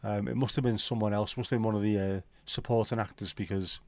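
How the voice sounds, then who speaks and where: A man's voice: on the low side, steady tone, fast, darkish tone, dry recording. Crude, bantering man hosting a livestream. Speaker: livestream host. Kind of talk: casual chat reading viewer comments.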